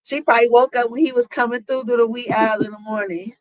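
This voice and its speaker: A woman's voice: on the high side, fairly even intonation, quick pace, dry recording, poor audio. A woman hosting her own commentary channel, talking casually to viewers with lots of fillers and asides. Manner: chatty, lots of fillers, addresses viewers as y'all.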